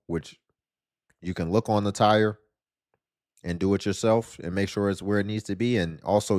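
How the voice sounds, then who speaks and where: A man with a somewhat low voice gives blunt, mocking reaction commentary. His voice sounds dry and close, with no room around it. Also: darkish tone, no room sound.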